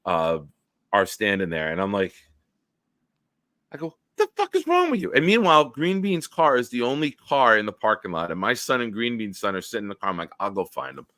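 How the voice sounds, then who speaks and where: A man hosting a casual livestream chat, telling rambling, excitable stories. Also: on the low side, a little fast, no room sound. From Northeastern US. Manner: rambling, excitable storyteller who swears casually. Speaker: host.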